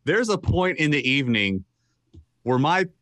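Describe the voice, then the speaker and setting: A man's voice: a little high, big pitch swings, moderate pace, fairly bright tone, no room sound. A man co-hosting a casual podcast, joking in an easygoing way. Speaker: co-host, chiropractor.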